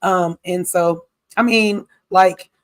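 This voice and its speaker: A woman's voice: fairly low pitch, steady tone, slow pace, dry recording. A woman co-hosting a casual livestream chat. She talks candidly, with features, long asides and frequent laughs. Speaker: co-host.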